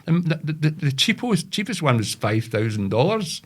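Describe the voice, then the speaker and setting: A man's voice: a little high, big pitch swings, moderate pace, a bit bright. A Scottish man telling rambling, swearing anecdotes in casual podcast chat. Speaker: podcast co-host.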